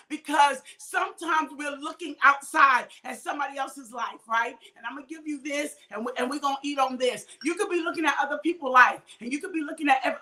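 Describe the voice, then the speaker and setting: Bright, high-voiced woman preaching. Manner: exhorting, repeats phrases, calls out viewers by name. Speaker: minister hosting a midday livestream. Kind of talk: informal preaching to online viewers.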